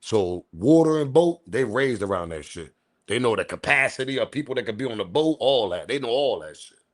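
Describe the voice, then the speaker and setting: Man, livestream commentator, casual, animated, repetitive, swearing. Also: mid-range voice, a little fast. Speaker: online news commentator.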